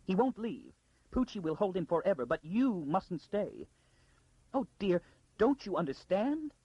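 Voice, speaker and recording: A man voicing a frightened, frantic noblewoman who pleads urgently, with a gravelly, husky edge. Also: high-pitched, sing-song, measured pace, darkish tone, dry recording, lo-fi sound, voice pushed up, full character voice. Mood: frantic urging.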